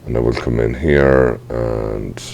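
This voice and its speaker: A man giving a casual screen-recorded software tutorial, thinking aloud and apologizing for small slips. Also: extremely low pitch, fairly even intonation, slow, vocal fry, a little hiss or hum.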